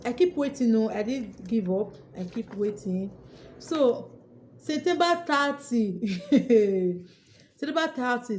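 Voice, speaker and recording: A young adult woman YouTuber telling her viewers a story in a casual vlog, acting out her own excited shouts. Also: mid-range voice, a little hiss or hum.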